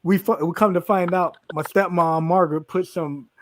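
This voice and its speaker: A man co-hosting a podcast, telling a story in casual chat, animated and profane, laughing and acting out his friends' lines. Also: high-pitched, moderate pace. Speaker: podcast co-host.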